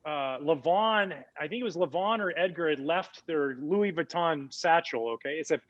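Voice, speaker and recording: A man in his forties, a former ball player guesting on a podcast, telling a story in a lively, casual way with many fillers. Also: fairly high pitch, normal speed, no echo, dull audio.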